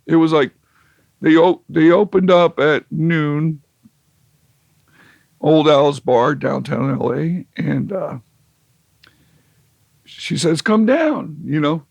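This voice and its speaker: A man's voice: fairly high pitch, takes it slowly, gravelly, long pauses, no echo, dull audio. A man telling a long, wry, rambling story as an interview guest, with lots of fillers and restarts. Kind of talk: casual storytelling.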